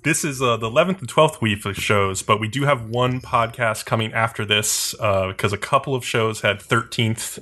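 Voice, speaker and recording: A man co-hosting an anime podcast in casual chat, laughing and pausing with fillers. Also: mid-range voice, sharp tone. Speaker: podcast co-host.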